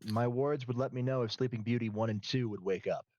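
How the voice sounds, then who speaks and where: A man's voice: mid-range voice, brisk, a little mellow, no echo. Man running a tabletop game, dull mic. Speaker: game master. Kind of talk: narrating a tabletop role-play on stream.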